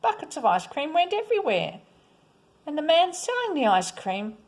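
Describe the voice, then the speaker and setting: A woman reading a children's picture book aloud, expressive, at times dropping to a whisper. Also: sits high, moderate pace. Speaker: storyteller.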